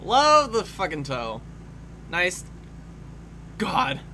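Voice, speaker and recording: A man talks casually over a film, his voice high and sharply bright. His delivery is slow and unhurried but swings widely in pitch. He swears freely and breaks into laughter often. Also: huge pitch swings, a little hiss or hum. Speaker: film commentator.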